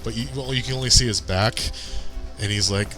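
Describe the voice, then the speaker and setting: A man's voice: fairly low pitch, fairly even intonation, fairly quick, fairly bright tone, faint music behind. A man streaming a game, chatting casually and muttering to himself as he plays. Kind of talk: casual gameplay commentary.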